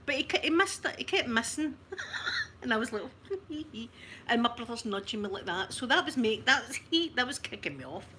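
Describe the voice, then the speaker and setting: A Scottish woman telling a funny family story on her livestream, chatty and animated, often breaking into laughter. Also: on the high side, fast, hardly any pauses, a little hiss or hum. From Scotland. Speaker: ASMR livestream host.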